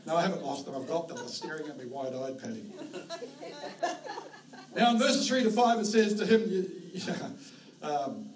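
A man with a New Zealand accent preaching a sermon as pastor, telling stories with animated delivery and shouted herding calls. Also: a little high, fairly quick. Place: church auditorium. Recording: roomy, distant hall mic with faint noise.

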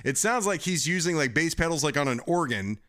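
A man's voice: fairly high pitch, lively intonation, fairly quick, fairly bright tone. A man co-hosting a podcast in casual, enthusiastic, rambling chat. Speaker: podcast co-host.

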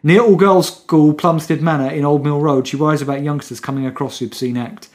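A man's voice: fairly high pitch, fairly even intonation, brisk. A man co-hosting a casual podcast, reading out news stories and reader comments with wry, mock-serious asides. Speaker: podcast co-host.

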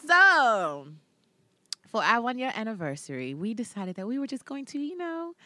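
A woman in her thirties co-hosts a podcast, talking in a loose, teasing way. Her pitch swings widely and she often breaks into laughter. The sound is dry and close. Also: big pitch swings, normal speed, sharp tone, no echo. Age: 30s. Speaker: podcast co-host. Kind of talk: casual chat.

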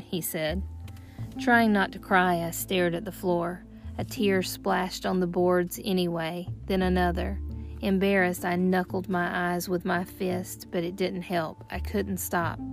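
A woman reading a first-person children's story aloud in a measured storytelling voice. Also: fairly low pitch, little pitch movement, faint music behind. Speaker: audiobook narrator. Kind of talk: scripted first-person narration.

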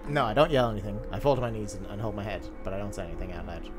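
A man playing a tabletop game, speaking in a dry, laughing way that often drops low and quiet. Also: racing, music in the background. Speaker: player.

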